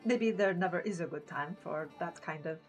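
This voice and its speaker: A woman's voice: on the low side, moderate pace, soft background music. A woman player role-playing in a tabletop game, hesitant and polite, often restarting her sentences. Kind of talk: in-character tabletop role-play.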